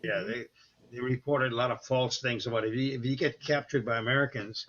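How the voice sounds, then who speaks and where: Bright-voiced man on a muffled call. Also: medium pitch, fairly even intonation, brisk. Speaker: participant in a group chat. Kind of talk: casual chat. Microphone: video call.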